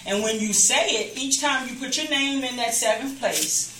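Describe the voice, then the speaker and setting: A woman's voice: fairly high pitch, normal speed, sharp tone, a little hiss or hum. A woman minister teaching a church class in a loose, conversational way, often repeating herself and acting out the voices she quotes. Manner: talks informally, repeats and restarts phrases, acts out quoted voices. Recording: echoey room, distant mic.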